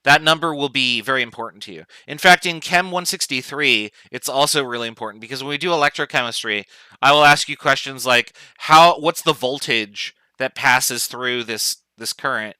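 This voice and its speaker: Bright, crisp-voiced male chemistry professor. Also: medium pitch, normal speed, dry recording, low-quality recording. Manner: relaxed, informal explaining with asides. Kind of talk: casual online lecture.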